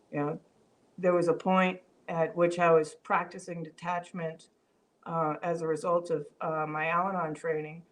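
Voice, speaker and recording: A woman hosting a live-stream vlog, talking reflectively with frequent fillers and restarts, reading viewer comments aloud. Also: on the low side. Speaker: vlog host. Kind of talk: casual live-stream talk.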